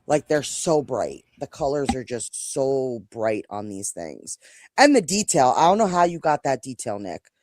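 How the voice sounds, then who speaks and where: A woman's voice: rumbling low, sing-song, measured pace, a little mellow, dry recording. Chatty New York woman, dry close sound. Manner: chatty, rambling, self-interrupting. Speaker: co-host. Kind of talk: casual live-stream chat.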